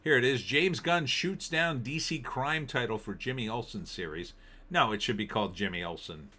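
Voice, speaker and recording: A man's voice: mid-range voice, moderate pace, sharp tone. A middle-aged man hosting a casual live-stream, rambling and opinionated as he reacts to entertainment headlines and viewer comments. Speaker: political commentary host.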